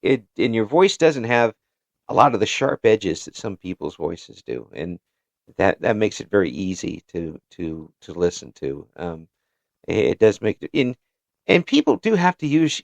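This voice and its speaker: A man hosting a casual interview, warm and halting, repeating words as he builds his questions. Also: lowish voice, sing-song, gravelly, no room sound. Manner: hesitant, repeats words while forming questions. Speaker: interview host.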